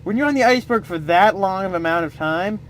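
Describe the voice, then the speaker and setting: A man's voice: high voice, animated, fast talker, fairly bright tone. A man improvising a comic story, rambling with playful asides.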